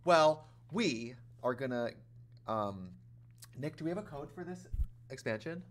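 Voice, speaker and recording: A man hosting a casual gaming livestream, chatty and animated, talking straight to his chat in a campy, playful way. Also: mid-range voice, a little slow, a little hiss or hum. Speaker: livestream host playing a life-sim game.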